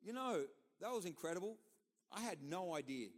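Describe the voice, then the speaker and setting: A middle-aged Australian man preaches a sermon in a loose, storytelling style. His voice sits a little higher than usual for a man, and he leans on repetition and emphatic asides to drive his points home. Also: expressive, moderate pace. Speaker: pastor.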